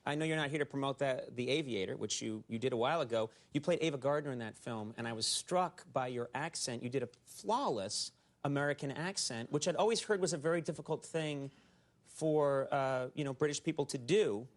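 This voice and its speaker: A man's voice: mid-range voice, a little fast. A man hosting a late-night talk show, chatting jokily with a guest in a TV studio. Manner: jokey, self-deprecating, puts on silly British voices. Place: TV studio with audience.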